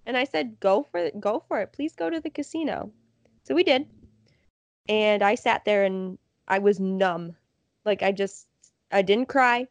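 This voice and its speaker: A young woman co-hosts a casual sports chat, telling stories with animated energy and acting out what people said. Her voice sits at a middle pitch, and the recording is dry with no room sound. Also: unhurried, dry recording. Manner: animated storyteller, acts out quotes. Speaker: podcast co-host.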